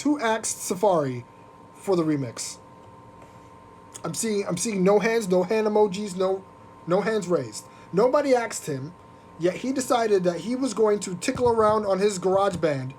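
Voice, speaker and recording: A podcast host ranting on a live stream in an animated, profane, mocking way. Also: male voice, high-pitched, a little hiss or hum. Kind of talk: casual live-stream rant.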